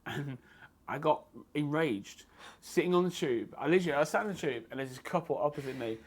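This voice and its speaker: A man's voice: on the high side, brisk. Blunt, sweary man. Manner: blunt, swears freely, lively storytelling. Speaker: guest fight photographer. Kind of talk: casual podcast chat. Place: martial arts gym.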